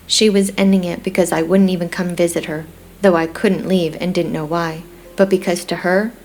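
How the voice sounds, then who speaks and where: A woman narrating a first-person romance audiobook in a steady, reflective storytelling manner. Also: fairly low pitch, a little hiss or hum.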